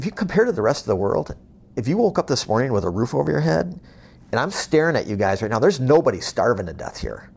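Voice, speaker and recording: A man's voice: mid-range voice, vocal fry, slight background noise. A middle-aged man giving a blunt, plain-spoken motivational talk to staff, telling stories and acting out the dialogue. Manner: lively storytelling, acting out dialogue. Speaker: business executive speaking to staff.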